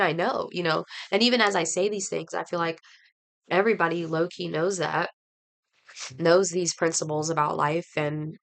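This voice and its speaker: A vlogger with a cold rambles through a heartfelt story while doing her makeup, chatting casually and using lots of fillers. Her voice is lowish and fairly bright, with vocal fry, and she sounds congested.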